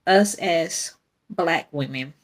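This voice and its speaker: Slow-talking rambling woman podcaster. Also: lowish voice. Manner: rambling, candid, laughs often. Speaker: podcast host. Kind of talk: casual faith talk.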